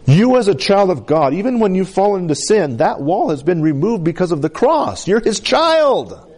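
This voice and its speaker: Preaching at a moderate pace with big pitch swings, this pastor speaks with a San Luis Valley of Colorado accent. He frequently asks the congregation "Amen?" and moves between emphatic highs and soft asides.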